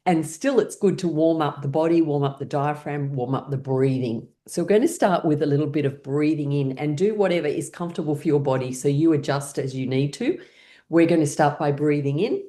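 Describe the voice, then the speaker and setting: A woman with a fairly low voice leads a guided laughter class. She talks listeners through each step in an encouraging way and breaks into playful laughs between instructions. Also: fairly quick, warm tone.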